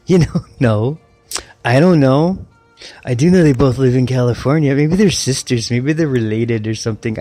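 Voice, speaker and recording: A man's voice: medium pitch, normal speed, a little mellow, faint music behind. A middle-aged man ranting casually as an online commentator, rambling and mocking, with lots of restarts and swearing. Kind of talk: casual rant.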